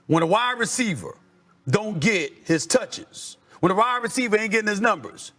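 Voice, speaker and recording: A man hosting a sports debate show, arguing with emphatic rhetorical questions and drawn-out, sing-song stresses. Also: high voice, lively intonation, a bit bright. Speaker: sports talk host.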